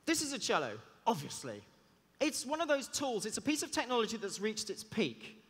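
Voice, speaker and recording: A man, a cellist giving a lively talk on stage, chatty and joking in asides. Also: very high-pitched, normal speed, breathy edge. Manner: chatty, self-deprecating, jokey asides. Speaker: conference speaker and cellist. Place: large hall on stage. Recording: long reverb of a big hall.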